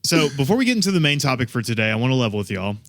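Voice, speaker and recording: A male podcast host narrates a grim true-crime story with wry jokes tossed in. His voice sits at an ordinary middle pitch. The recording is close and dry. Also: sing-song, racing, a bit bright, no room sound. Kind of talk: casual chat, telling a true-crime story.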